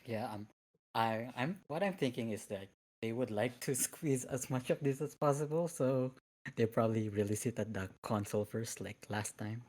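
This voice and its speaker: A man's voice: medium pitch, normal speed, darkish tone. A man being interviewed as a guest on a casual podcast, speaking hesitantly and laughing between words.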